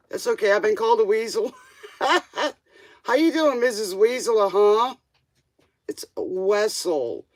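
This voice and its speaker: A woman's voice: medium pitch, dry recording. A woman hosting a live tarot stream, chatting casually with viewers and laughing often.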